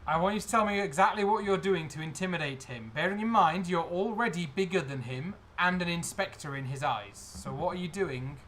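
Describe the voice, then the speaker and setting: A man's voice: high-pitched, brisk, few pauses, fairly bright tone, a little hiss or hum. A man running a tabletop game as game master, describing scenes and questioning players.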